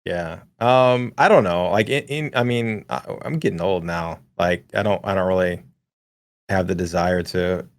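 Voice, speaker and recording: A man co-hosting a casual gaming podcast, laid-back and quick to laugh, with lots of fillers, reading chat messages aloud. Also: low voice, dry recording. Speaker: podcast co-host.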